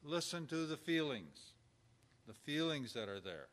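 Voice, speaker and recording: A man's voice: mid-range voice, big pitch swings, moderate pace, fairly bright tone. A man giving an informal lecture on caregiving with numbered points, talking conversationally and acting out example dialogue. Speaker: instructor on pastoral caregiving.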